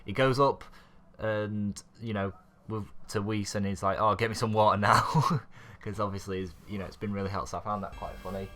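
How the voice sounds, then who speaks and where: A man with a lowish, fairly even voice talks a little fast, with a slightly bright tone. He's a YouTube anime reviewer recapping an episode casually, rambling along with lots of fillers and frequent little chuckles.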